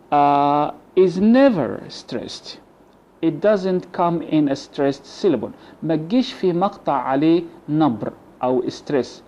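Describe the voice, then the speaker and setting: Male English teacher, dark voice, patient word-by-word drilling, lo-fi recording. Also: on the high side. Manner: repeats model words slowly, switching between English and Arabic. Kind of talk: pronunciation lesson. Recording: dull lo-fi sound.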